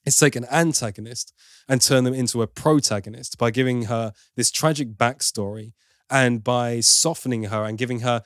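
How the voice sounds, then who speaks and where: A man's voice: mid-range voice, dry recording, clean studio sound. Opinionated man reviewing a film. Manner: opinionated, playful mimicry of accents. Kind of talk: casual film review chat.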